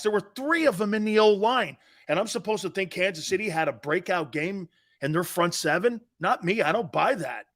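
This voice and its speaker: A man's voice: sits high, fairly bright tone. A middle-aged man, a former player turned sports talk host, giving blunt, emphatic opinions and calling the listener "dude".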